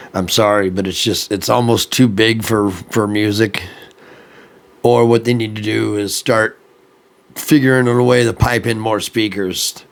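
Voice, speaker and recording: Man, gravelly voice, mid pitch, rambling casual vlog chat. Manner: rambling, chatty, laughs at his own jokes. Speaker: music vlogger.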